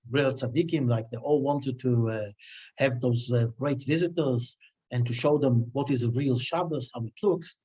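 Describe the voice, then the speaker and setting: A man's voice: on the high side, darkish tone, breathy edge. A man giving a weekly Torah class, telling stories with many restarts and fillers. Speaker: Torah teacher. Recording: dull lo-fi recording.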